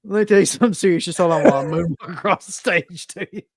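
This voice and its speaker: A man co-hosting a casual livestream, reacting in an animated way over a video call. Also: high voice, fast, a crowd in the background. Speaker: co-host.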